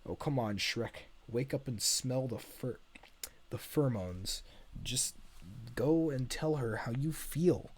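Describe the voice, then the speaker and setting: A man reading a script aloud and voicing a chatty, excitable male donkey sidekick. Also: mid-range voice, breathy edge, voice pushed up. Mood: teasing. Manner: fast chatter, yelps in panic. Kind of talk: amateur script read-aloud.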